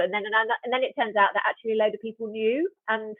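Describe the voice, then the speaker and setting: A woman's voice: fairly high pitch, steady tone, fast, no room sound. A woman author speaking as an interview guest, thoughtful and wry, often restarting her sentences. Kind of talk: casual interview chat. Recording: tinny phone-like remote call line.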